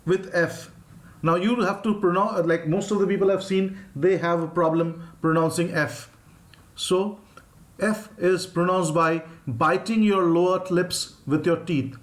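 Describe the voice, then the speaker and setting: A man's voice: high voice, steady tone, unhurried, reverberant. A man with an Indian English accent teaching an online phonetics lesson, patiently modelling sounds for students to repeat.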